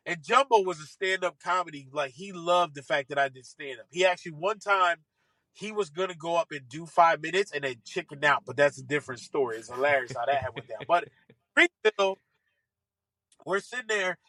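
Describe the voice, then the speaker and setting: High-voiced man telling animated stories. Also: a little fast, no echo. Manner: lively, acts out voices, laughs often. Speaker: guest telling a story. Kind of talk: animated storytelling.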